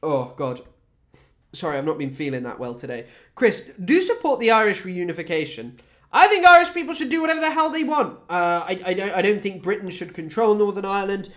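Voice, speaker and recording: A Scottish man talks casually to his stream chat, rambling and sardonic, with plenty of swearing and fillers. His mid-pitched voice rises and falls a lot as he goes. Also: big pitch swings, brisk, fairly bright tone. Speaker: streamer and comedian.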